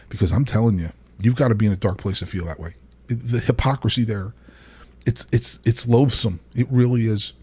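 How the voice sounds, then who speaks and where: A man hosting his own podcast, talking alone in an animated, exasperated way, often restarting his sentences and laughing between points. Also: fairly low pitch, brisk, slightly rough. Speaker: podcast host. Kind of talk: solo commentary monologue.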